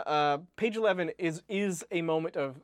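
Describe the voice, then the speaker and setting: Slightly high, dry-sounding man rambling casually. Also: normal speed, no room sound. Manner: rambling, self-interrupting, swears casually. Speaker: podcast co-host. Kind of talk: casual book discussion.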